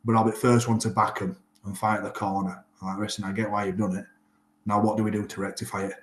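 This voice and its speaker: A man in his thirties tells stories in a casual interview, slipping into the voices of the people he quotes. His voice sits fairly low and stays flat in pitch. The room around him has a noticeable echo. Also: fast, slight background noise. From Northern England. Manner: animated storyteller, acts out quoted exchanges. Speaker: rugby player and guest. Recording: echoey room.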